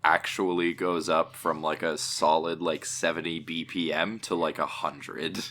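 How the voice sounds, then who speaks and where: A man's voice: rumbling low, level tone, unhurried, pushed and bright, a little hiss or hum. A man co-hosting a casual podcast, chatty and teasing, often stumbling over his words. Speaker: podcast co-host.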